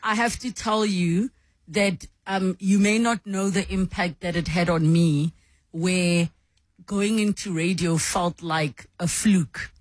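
A woman's voice: on the low side, fairly even intonation, takes it slowly, no echo. Woman radio host, talky and thoughtful, lots of ums, dry close mic. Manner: reflective, chatty, with fillers and self-corrections. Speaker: radio host interviewing a guest. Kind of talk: warm conversational interview.

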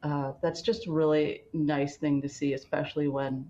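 A woman guest in a radio interview who talks about a festival in a thoughtful, unhurried way. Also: deep voice, level tone, dark tone, muffled recording. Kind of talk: casual radio interview chat.

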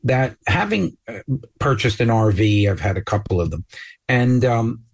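Lively, husky-voiced radio co-host man. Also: medium pitch. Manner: joking banter, quick teasing asides. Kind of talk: casual radio talk.

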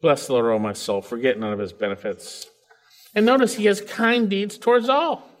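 A middle-aged man preaching a sermon, reading scripture aloud and then explaining it, his pitch rising and falling for emphasis. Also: normal speed. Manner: expressive, rises and falls in pitch for emphasis. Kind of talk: expository sermon.

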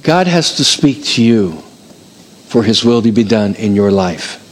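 A middle-aged man preaching a sermon as pastor, calling out to his congregation in an animated way. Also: fairly low pitch, unhurried. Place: church hall before a congregation.

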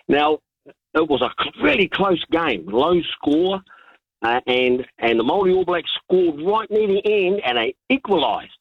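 A man, calling in to a radio show and telling an animated anecdote full of restarts and chuckles. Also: high-pitched, measured pace, vocal fry, breathy edge, dry recording. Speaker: caller. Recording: dull, lo-fi line.

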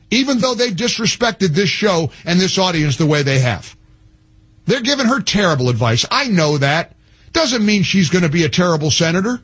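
A fired-up man hosting a talk radio show, ranting hard with emphatic repeats and stumbling restarts. His voice sits high for a man and has a husky, breathy edge. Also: fairly bright tone. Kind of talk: impassioned political rant.

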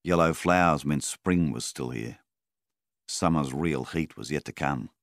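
A man reads a story aloud in a measured, unhurried way. His voice is very deep and gravelly. The recording is dry and close. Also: no echo. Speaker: narrator. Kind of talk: audiobook narration.

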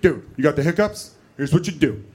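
A man's voice: on the high side, expressive, fairly quick, darkish tone, slightly rough. A man voicing a dim bro friend who confidently gives goofy advice.

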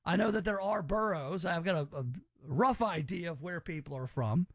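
High-voiced opinionated man. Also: lively intonation, normal speed, slightly rough, dry recording. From Southern US. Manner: opinionated and rambling. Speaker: podcast host. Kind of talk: casual chat.

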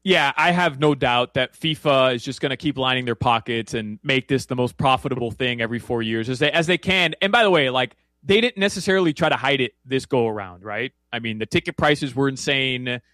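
A man's voice: mid-range voice, brisk, hardly any pauses, bright, forceful tone, no room sound. A man giving casual soccer betting picks, rambling with many fillers and restarts. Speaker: soccer analyst guest. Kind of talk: casual sports betting chat.

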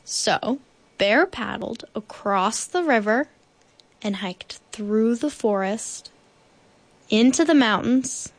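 A woman reading a children's picture book aloud in slow, deliberate storytelling. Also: fairly high pitch, animated, dry recording. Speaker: guest reader.

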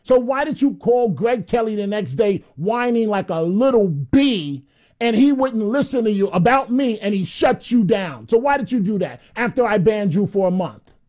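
A man's voice: high voice, animated, moderate pace, a little mellow. A man hosting a talk radio show, blunt and mocking, often repeating himself as he takes calls.

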